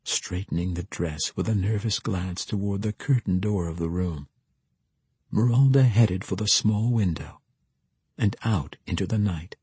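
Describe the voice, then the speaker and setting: A man narrating a fantasy audiobook in a steady, measured way. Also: low voice, breathy edge, dry recording.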